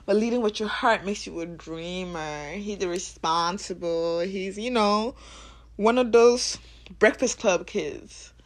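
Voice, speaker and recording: A woman of twenty-one talking unscripted on her podcast about heart and spirit, casual and swearing, swinging from low musing to loud laughing bursts. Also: slow pace.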